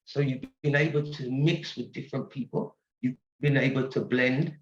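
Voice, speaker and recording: An English man in his sixties tells stories as a guest, animated and quick to laugh. His voice sits in an echoey room. The sound is a little dull and muffled. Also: mid-range voice. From England. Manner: animated storyteller, laughs often. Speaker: guest singer. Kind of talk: casual interview chat. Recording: roomy, dull-sounding audio.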